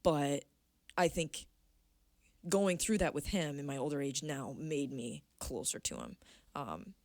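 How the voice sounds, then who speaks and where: A woman in her twenties, a podcast guest, telling a personal story in a casual, animated way, acting out what people said and swearing freely. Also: low-pitched, unhurried, dry recording. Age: 20s. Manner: animated, acts out quoted voices, swears freely.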